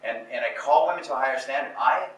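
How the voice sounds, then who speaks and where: A man's voice: mid-range voice, quick pace, a bit bright, recorded from a distance. Blunt man lecturing in a roomy hall. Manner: blunt, emphatic, repeats phrases with restarts. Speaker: seminar speaker. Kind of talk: motivational seminar talk to a group. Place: talk venue in Portugal. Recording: roomy room, voice picked up from afar, faint ambience.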